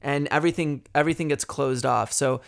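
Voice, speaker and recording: A man's voice: on the high side, fairly quick, gravelly. A man talking as a guest on a podcast, earnest and frank, thinking aloud with fillers and casual swearing.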